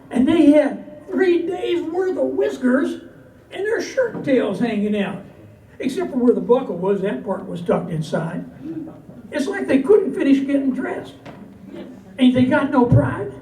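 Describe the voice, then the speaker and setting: A man's voice: very high voice, dark tone. A man from Southern California reciting a humorous cowboy poem with folksy, dry comic timing. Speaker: cowboy poet. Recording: echoey, distant, noisy live recording.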